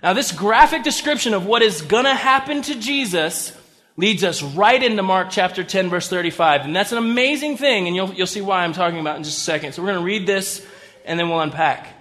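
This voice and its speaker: A man's voice: high voice, animated, fairly quick, a bit bright. A man preaching a sermon as pastor, in a conversational style with humorous asides. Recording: long reverb of a large hall.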